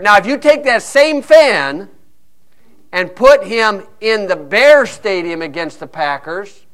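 A man preaching a sermon, telling a lively story and acting out quick asides from other people. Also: high voice. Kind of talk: sermon with a sports illustration.

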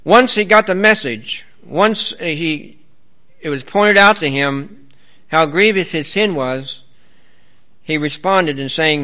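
A man's voice: a little high, measured pace, pushed and bright. A man preaching a sermon in an earnest, rambling way, stopping to read scripture aloud.

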